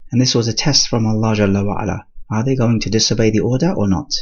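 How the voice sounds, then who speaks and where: A man teaching the meaning of Quran verses in English, speaking slowly in short phrases and reciting the Arabic between his explanations. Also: medium pitch, darkish tone, slightly rough, dull audio.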